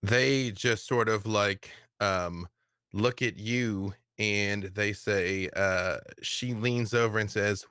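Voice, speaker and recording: A man narrating as dungeon master, in a relaxed, chatty storytelling way with plenty of fillers. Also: on the low side, slow, smooth, dry recording, clean studio sound. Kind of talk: narrating a tabletop game.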